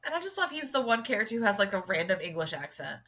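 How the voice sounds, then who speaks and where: A woman's voice: mid-range voice, big pitch swings, fast talker, fairly bright tone. A young woman co-hosting a book podcast, speaking emphatically and getting indignant over characters. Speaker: podcast co-host. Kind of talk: casual book review chat.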